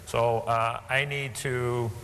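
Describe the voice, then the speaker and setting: A man's voice: mid-range voice, level tone, slow, a bit bright. Rambling man giving away prizes in a hall. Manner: rambling, hesitant, joking. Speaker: banquet guest presenting a raffle prize. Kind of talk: casual banquet remarks. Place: large indoor banquet hall. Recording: echoey banquet hall with background noise.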